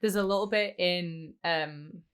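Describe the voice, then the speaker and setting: A woman's voice: lowish voice, measured pace, fairly bright tone, clear, resonant tone. A woman co-hosting a podcast, chatting casually and filling her talk with "like". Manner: chatty, many "like" fillers, quotes scenes in little voices. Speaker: podcast co-host. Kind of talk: casual chat.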